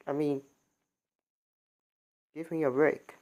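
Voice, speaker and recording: Halting, exasperated man ranting on a livestream. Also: on the high side, little pitch movement, darkish tone. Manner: halting, many restarts and repeated words; exasperated, rhetorical questioning. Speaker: livestream commentator. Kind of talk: unscripted livestream commentary.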